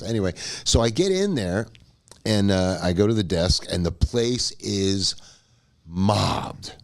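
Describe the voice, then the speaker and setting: A man's voice: fairly low pitch, lively intonation, unhurried. A man co-hosting a podcast, telling a long story in a casual, profane way and laughing as he goes. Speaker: podcast co-host.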